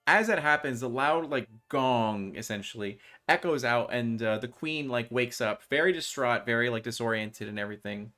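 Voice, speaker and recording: A man's voice: mid-range voice, moderate pace, hardly any pauses, sharp tone, faint music behind. Man narrating a tabletop game. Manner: loose, filler-heavy narration. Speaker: game master.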